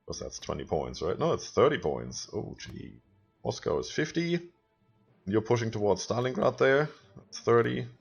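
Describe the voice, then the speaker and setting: A man's voice: medium pitch, big pitch swings, normal speed, gravelly, husky, soft background music. A man co-hosting a let's play, chatting casually and planning strategy aloud as he plays. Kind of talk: casual gameplay commentary.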